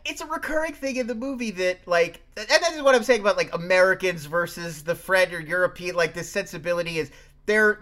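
A man's voice: sits high, bright, forceful tone. A man in a casual film podcast chat, talking loosely with lots of fillers and acting out quotes. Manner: chatty, filler-heavy, acts out quotes. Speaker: podcast co-host.

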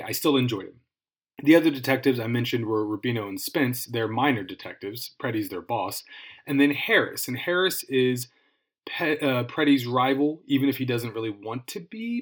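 A man's voice: medium pitch, a bit bright. A man hosting a podcast, giving a casual book review and thinking aloud with restarts and asides.

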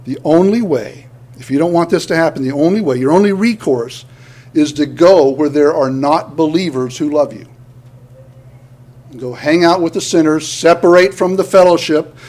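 A man's voice: fairly high pitch, moderate pace, darkish tone. A male pastor preaching a sermon, earnest, often restarting words and building to emphatic points.

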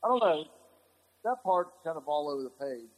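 A man with a husky, slightly breathy voice that sits a little high for a man. He chats casually as a podcast co-host, wandering through his points with lots of fillers and restarts. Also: big pitch swings, moderate pace, low-quality recording. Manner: rambling, with many fillers and restarts. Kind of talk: casual chat.

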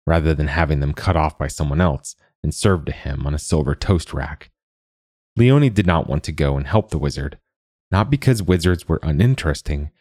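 A man narrating a storybook in a measured, wry way. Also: extremely low pitch, darkish tone, dry recording, clean studio sound.

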